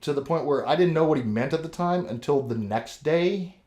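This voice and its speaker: A fairly quick, somewhat high-voiced man, a regular podcast co-host and father, tells a wandering story peppered with curses in casual talk. He animatedly acts out what everyone said.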